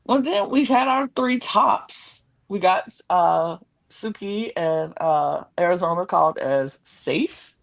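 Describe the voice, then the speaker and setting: A woman co-hosting a podcast, telling the story in a lively way and acting out what people said. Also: lowish voice, slow pace, gravelly, hardly any pauses. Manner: animated storytelling, acts out quotes. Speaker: podcast co-host. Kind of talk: casual recap chat.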